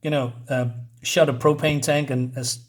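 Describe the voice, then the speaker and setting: Pria santai mengulas komik. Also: male voice, mid-range voice, steady tone, moderate pace. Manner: rambling, lots of "you know" fillers. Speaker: comic book reviewer. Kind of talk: casual video review.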